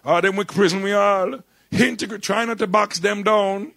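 A man's voice: high-pitched, fairly even intonation, normal speed, vocal fry, fairly bright tone, pitched above the performer's own voice. Man doing a stern Jamaican mother, nagging. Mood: scolding. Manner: insistent, repeating herself, scolding. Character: stern Jamaican mother lecturing her kids.

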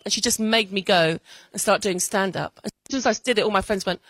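A woman's voice: mid-range voice, fast, dry recording, rough recording. A middle-aged woman stand-up comedian chatting in an interview, laughing often. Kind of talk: casual interview. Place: outdoor festival.

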